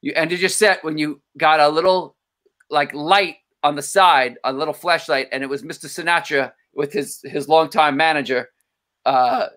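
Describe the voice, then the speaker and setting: A man in his thirties sits in on a casual podcast chat as a comedian guest. His voice is bright and fairly high, and he acts out lively quoted voices as he tells his stories. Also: moderate pace. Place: home, remote call.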